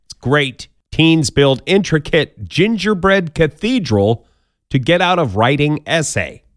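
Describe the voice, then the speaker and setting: Male podcast host, bouncy and animated, jokey news rundown, dry booth sound. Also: fairly high pitch, measured pace, no echo. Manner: jokey, playful asides, bouncy delivery. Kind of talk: casual comedic news countdown.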